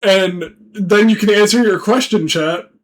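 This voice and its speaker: A man's voice: high-pitched, unhurried, faint music behind, poor audio. A young man streaming live, chatting casually, crude and laughing as he rambles. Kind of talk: casual livestream chat.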